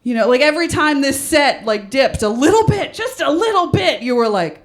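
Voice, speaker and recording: A woman's voice: high-pitched, big pitch swings, moderate pace. A young woman from New doing a stand-up comedy set, chatty and self-deprecating, laughing at her own jokes. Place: small studio stage with audience.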